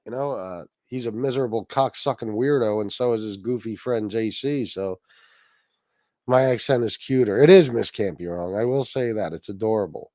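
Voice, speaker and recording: A man's voice: on the low side, normal speed, warm tone, dry recording. Casual profane man hosting livestream. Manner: rambling, swearing, reads chat aloud. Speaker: livestream host.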